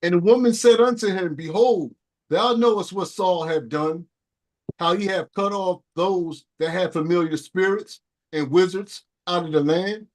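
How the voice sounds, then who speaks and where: A man reading archaic scripture aloud in a steady, plain manner during a Bible study. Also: sits high, a little slow. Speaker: scripture reader.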